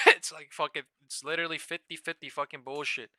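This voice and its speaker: A man hosting a live trading stream, ranting fast and emphatically with heavy profanity. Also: on the high side, fairly even intonation, sharp tone, dry recording.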